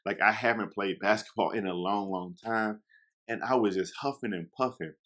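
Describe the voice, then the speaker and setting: A young man talks his listeners through a casual story, speaking at a normal speed in a fairly low voice. He's animated and chatty, quoting lines and turning directly to the people hearing him.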